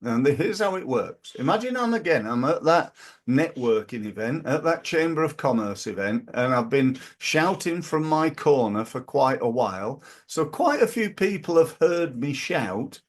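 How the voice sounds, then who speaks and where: A man's voice: medium pitch, big pitch swings, normal speed. A man talking casually about marketing as a business coach, rambling and acting out little scenes.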